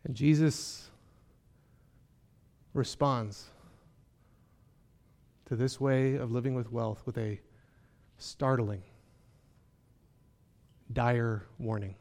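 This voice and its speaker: A man's voice: medium pitch, steady tone, very slow, long pauses, darkish tone. A man preaching a sermon, earnest and emphatic, often asking his listeners rhetorical questions. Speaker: pastor.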